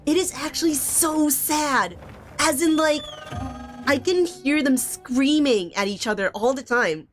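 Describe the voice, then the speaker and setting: A woman's voice: high-pitched, measured pace, faint music behind. A young woman streaming a video game, chatting casually and giggling, with lots of "like" and "bro" in her talk. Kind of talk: casual gaming stream chat.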